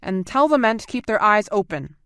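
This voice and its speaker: A woman voicing a crisp male marine commander. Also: mid-range voice, animated, a little fast, a bit bright, dry recording, studio quality, voice pushed up, lightly acted. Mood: brisk. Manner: crisp, clipped orders.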